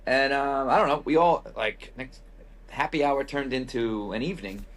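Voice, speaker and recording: A man's voice: medium pitch, normal speed. A man hosting a podcast, telling a loose, profane travel anecdote in a casual, wry way with lots of quoted asides. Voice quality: husky. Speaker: podcast host. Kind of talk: casual storytelling.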